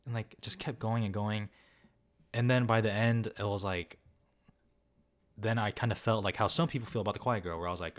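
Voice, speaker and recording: Rambling, loose-talking young man, lowish voice. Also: steady tone, brisk, pauses often. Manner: rambling and loose, heavy use of filler words, swears freely. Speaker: film vlogger. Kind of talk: casual talk reviewing films and answering viewers.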